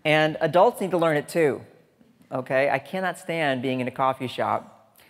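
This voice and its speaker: On the stage of a big lecture hall, a conference speaker gives a funny, conversational talk, joking and throwing asides to the crowd. His voice sits a little high and moves at a moderate pace, with the hall's reverb audible throughout.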